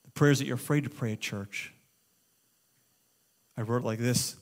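A middle-aged man preaching a sermon as pastor, impassioned and conversational, at times shouting. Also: mid-range voice, fairly even intonation, normal speed. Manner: impassioned preaching, swings to shouting when quoting prayers.

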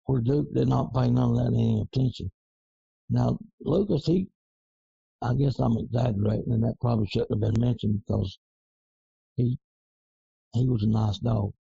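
Gravelly, husky man. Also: medium pitch, warm tone, dry recording, dull audio. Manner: slow, rambling, folksy Southern dialect grammar. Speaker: coonhound breeder being interviewed. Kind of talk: casual interview.

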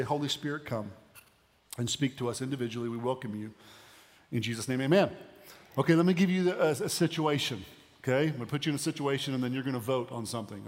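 A man giving a sermon as a pastor, conversational with pauses and emphatic rises. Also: mid-range voice. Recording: long hall reverb.

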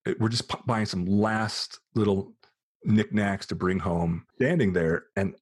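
A low, slightly husky American man in his forties tells a personal story in a relaxed podcast chat. He slips into the voices of the people he quotes. The recording is dry and close. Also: unhurried, no room sound. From United States. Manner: animated storyteller who acts out quoted voices. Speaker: podcast host.

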